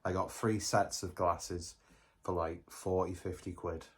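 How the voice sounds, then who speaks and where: A man's voice: deep voice, level tone, a little slow, slightly rough. A man reviewing a beer in a casual vlog, rambling and joking at his own expense. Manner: rambling, jokey, self-mocking.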